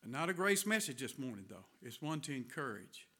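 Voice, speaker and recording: A man's voice: mid-range voice, very animated, moderate pace, bright, forceful tone. A man with a Southern US accent preaching a sermon in a folksy storytelling way, laughing as he goes.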